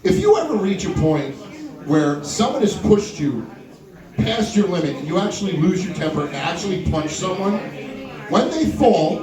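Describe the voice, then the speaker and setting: A young man doing a stand-up comedy set at a live venue, playfully bantering with audience members by name. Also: high voice. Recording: echoey room, voice far from mic, crowd audible.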